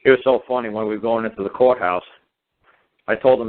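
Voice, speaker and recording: A man's voice: on the low side, fairly even intonation, fast, pauses often, a little hiss or hum. Emphatic man on a tinny phone line. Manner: emphatic, repetitive, sarcastic. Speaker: guest speaker on law. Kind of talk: casual talk-radio conversation.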